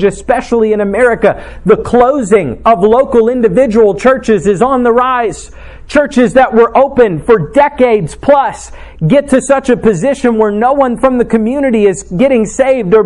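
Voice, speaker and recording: A man's voice: very high-pitched, darkish tone. A male pastor preaching an earnest, emphatic sermon in a church and quoting scripture as he goes.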